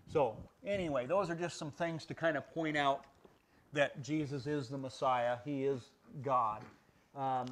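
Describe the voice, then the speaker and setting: A man teaching a Bible study. He explains the passages, reads scripture aloud and asks rhetorical questions. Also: medium pitch.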